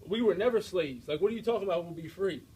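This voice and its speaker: A young American man giving an energetic, direct faith talk to a student audience, often checking in with his listeners. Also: sits high, fast, husky, poor audio. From United States. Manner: energetic, direct, preachy, with frequent checks like "all right?". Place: university room before an audience.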